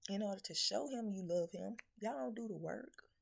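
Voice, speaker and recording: A woman's voice: mid-range voice, normal speed, vocal fry. A woman spiritual reader delivering a blunt, profane, scolding message that is full of rhetorical questions. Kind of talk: blunt preaching message to viewers.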